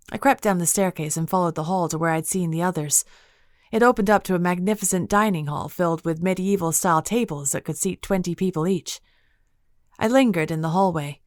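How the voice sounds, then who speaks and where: Woman audiobook narrator, lower register, measured delivery, dead-dry booth. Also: no room sound. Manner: steady, measured storytelling. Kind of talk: scripted first-person audiobook narration.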